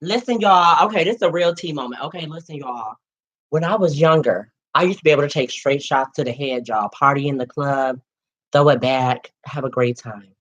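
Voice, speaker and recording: A woman in her late twenties trades celebrity gossip in a low, throaty register. She is sassy and animated, peppering every line with "girl" and "honey." The recording sounds dull and lo-fi. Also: moderate pace. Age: late 20s. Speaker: co-host. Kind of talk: casual gossip chat.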